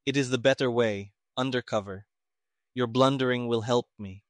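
A man reading the part of a calm, clever male detective who speaks flatly and deliberately. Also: medium pitch, dry recording, clean studio sound, natural voice. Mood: toneless, cool. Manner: flat, toneless, deliberate.

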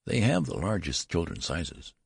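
A man voicing a curious, fussy male store clerk who speaks in a brisk, puzzled way. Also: low voice, wildly swooping pitch, creaky, a little mellow, slightly rough, no echo, studio quality, full character voice.

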